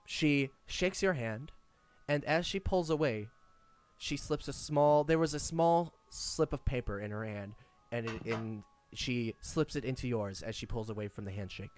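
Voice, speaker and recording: A man narrating as game master of a tabletop game in a measured, descriptive way. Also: medium pitch, no room sound.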